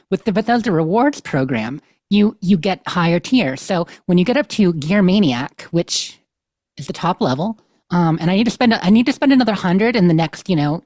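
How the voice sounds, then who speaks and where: A woman's voice: on the low side, a little mellow, no room sound. Chatty, upbeat woman co-host. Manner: chatty, upbeat, laughs easily. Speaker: podcast co-host. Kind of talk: casual podcast chat. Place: her bedroom at home.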